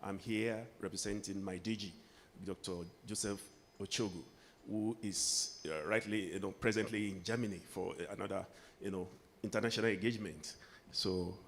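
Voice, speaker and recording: A man's voice: on the low side, a bit bright. Man speaking in an echoing hall. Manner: hesitant openings with "you know", then formal address. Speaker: institute department head giving a speech. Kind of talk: formal conference speech. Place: conference hall. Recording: hall reverb with faint background noise.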